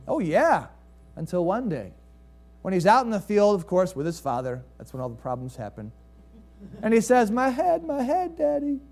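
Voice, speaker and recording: Higher-voiced male pastor preaching. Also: moderate pace. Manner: storytelling with rhetorical questions to the congregation; swings between lively rises and quiet, hushed drops. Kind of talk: sermon.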